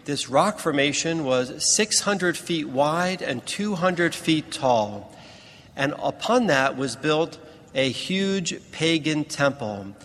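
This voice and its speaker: Man, preacher, sermon, slow deliberate emphasis, slightly high voice, long church reverb. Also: animated, fairly bright tone. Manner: slow, deliberate teaching delivery with emphatic pauses.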